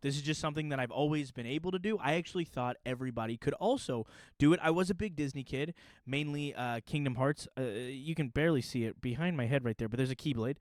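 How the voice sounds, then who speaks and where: A man's voice: mid-range voice, fast talker, no echo. A young man telling stories in a casual, joking chat to camera as a puppeteer and YouTuber. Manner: animated, joking, storytelling.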